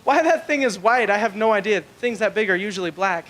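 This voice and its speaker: A man's voice: high voice, expressive, a little fast, fairly bright tone, a little hiss or hum. A young man doing a rambling, crude stand-up comedy set on a live club stage, full of filler words.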